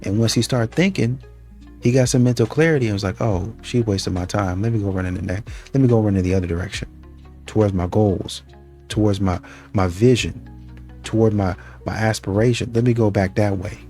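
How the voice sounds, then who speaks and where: A man's voice: fairly low pitch, fairly quick, warm tone, faint music behind. A man making a wry, conversational argument as a commentator.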